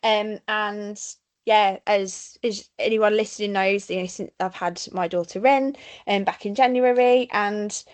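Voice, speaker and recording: A woman's voice: mid-range voice, steady tone, measured pace. A woman in her thirties with an Essex accent, co-hosting a podcast in chatty, bubbly conversation full of laughs. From Essex, England. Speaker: podcast co-host. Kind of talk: casual chat.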